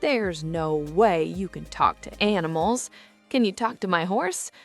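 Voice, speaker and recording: A woman's voice: lowish voice, animated, unhurried, faint music behind. A woman voicing a friendly, folksy male farmer in a storybook joke. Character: rural male farmer, friendly then suspicious.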